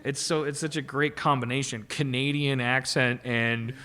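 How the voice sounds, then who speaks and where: A man's voice: mid-range voice, fairly even intonation, normal speed, sharp tone. A man hosting a comedy podcast, rambling on stage with restarts, profanity and frequent laughter. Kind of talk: rambling comic monologue. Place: live stage.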